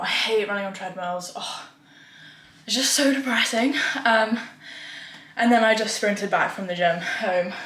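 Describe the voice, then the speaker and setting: A woman's voice: lowish voice, a bit bright. A young woman, talking casually and frankly to camera in a rambling vlog. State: out of breath. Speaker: vlogger. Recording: echoey room.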